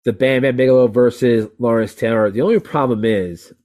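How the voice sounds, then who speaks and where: A man co-hosting a wrestling podcast, chatting casually in an animated, rambling way with frequent swearing. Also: mid-range voice, brisk. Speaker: podcast co-host. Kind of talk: casual chat.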